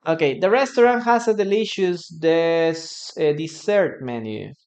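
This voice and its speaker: A little mellow and medium in pitch, this voice proceeds at a measured pace. It comes from a Peruvian English teacher, a native Spanish speaker with a Peruvian Spanish accent, hosting a live lesson online. Pronunciation is drilled through repeated words, and gratitude to viewers comes up often.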